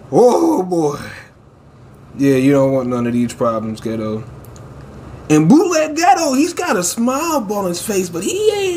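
A man hosting a manga chapter reaction, reading panels aloud with excitable, profane commentary and frequent laughter. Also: fairly high pitch, a little hiss or hum.

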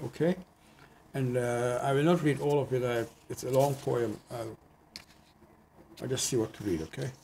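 A man, a poet, reading his own poems in an earnest, measured way, with hesitant spoken asides between them. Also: medium pitch, fairly even intonation, vocal fry, a little mellow, a little hiss or hum. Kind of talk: poetry reading. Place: community TV studio.

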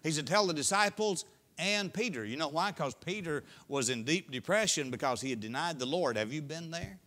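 A middle-aged male pastor preaching a sermon in a folksy storytelling way, rising to loud peaks and dropping to hushed lines. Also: a little high, animated, a little fast. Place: church sanctuary.

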